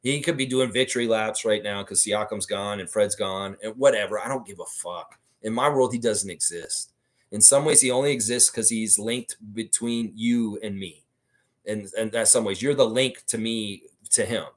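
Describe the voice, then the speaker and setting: A man's voice: fairly low pitch, moderate pace. A man hosting a casual sports livestream, reading viewer comments aloud and answering them bluntly, swearing freely. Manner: talks about himself in the third person.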